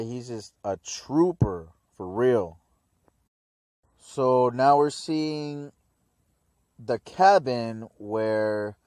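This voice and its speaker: A man's voice: medium pitch, darkish tone, no room sound, clean studio sound. A man giving a casual, rambling anime episode review, full of slang like dude and man.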